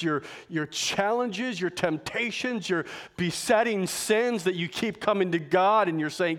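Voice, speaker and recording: A man preaching a sermon, building to emphatic, forceful points. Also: high voice. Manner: emphatic preacher, rising to forceful climaxes, slow deliberate phrasing. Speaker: pastor.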